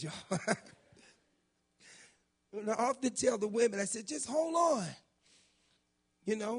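A man with a raspy voice preaching a folksy, emphatic sermon in a church, reading scripture and praying aloud. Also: high-pitched. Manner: folksy, emphatic, builds to shouting in prayer. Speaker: guest preacher.

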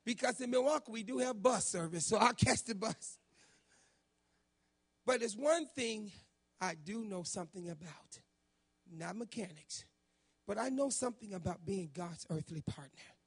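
A middle-aged man preaching a sermon, telling personal stories in an animated way that climbs into shouts. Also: high voice, normal speed, pauses often, husky. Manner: animated storytelling, rising to shouts when quoting. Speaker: pastor.

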